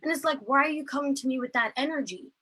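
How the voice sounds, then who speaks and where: A woman's voice: high-pitched, quick pace, bright, forceful tone, low-quality recording. A woman, giving earnest, impassioned personal testimony over a video call. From Ireland. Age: late teens. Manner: earnest, impassioned, filler-heavy storytelling. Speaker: protest speaker.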